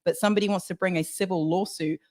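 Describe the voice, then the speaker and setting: A woman co-hosting a podcast, talking in an energetic, chatty way with restarts and easy laughs. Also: fairly low pitch, quick pace. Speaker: podcast co-host. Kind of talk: casual crypto podcast chat.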